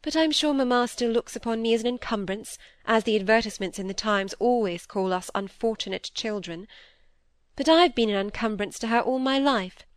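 A woman's voice: on the high side, brisk, dry recording, clean studio sound, lightly acted. A woman reading the part of a tired, bitter young woman who speaks wearily. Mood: weary. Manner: weary, bitter.

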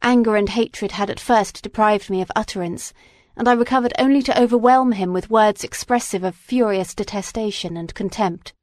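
A woman reading a classic novel aloud, measured and dramatic. Her voice sits at a middle pitch. The recording is dry, with no room sound. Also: a little mellow, no room sound. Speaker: audiobook reader. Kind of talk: scripted narration.

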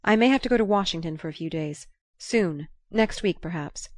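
A woman's voice: lowish voice, brisk, creaky, dry recording, clean studio sound. A woman reading the lines of an irritable young man in an audiobook, speaking curtly and impatiently. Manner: curt, impatient.

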